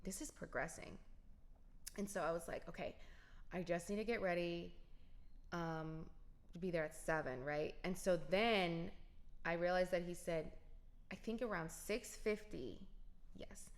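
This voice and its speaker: Lower-voiced woman telling a story. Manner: emphatic, talks straight to viewers. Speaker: vlogger. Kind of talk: casual personal storytelling.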